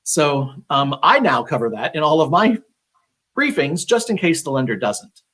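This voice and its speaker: Husky-voiced man giving chatty advice. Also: on the high side, sing-song, moderate pace, fairly bright tone. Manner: conversational, many fillers and restarts. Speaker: real estate agent. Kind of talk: live-streamed advice talk.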